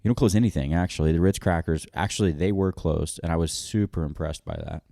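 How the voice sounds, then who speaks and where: A man's voice: deep voice, fast, mellow, no echo, clean studio sound. A man in his thirties co-hosting a podcast, complaining about his partner in casual, exaggerated banter. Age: 30s. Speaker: podcast co-host.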